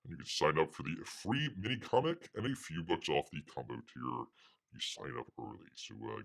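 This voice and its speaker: A man's voice: fairly low pitch, sing-song, normal speed, creaky, fairly bright tone. A man hosting a casual livestream, rambling with many fillers and calling himself by his nickname. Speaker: livestream host.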